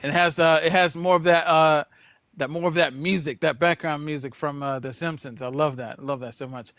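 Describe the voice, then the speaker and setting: A man with a fairly high, bright, forceful voice talks his way through a video game as he plays. His commentary is casual and rambling, full of repeated words and thinking aloud. The sound is dry and close, with no room echo. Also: moderate pace. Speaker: gaming video creator. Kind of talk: casual gameplay reaction commentary.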